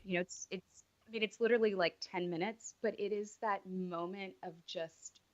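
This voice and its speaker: A woman in her thirties, a podcast guest, talking in an earnest, reflective way with halting restarts. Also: medium pitch, steady tone, muffled recording. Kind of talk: casual interview chat.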